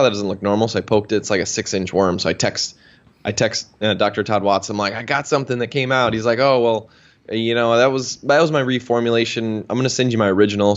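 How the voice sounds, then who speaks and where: Chatty low-voiced man telling a story. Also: dull audio. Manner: chatty, anecdotal, many fillers. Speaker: health practitioner. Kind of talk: casual storytelling interview.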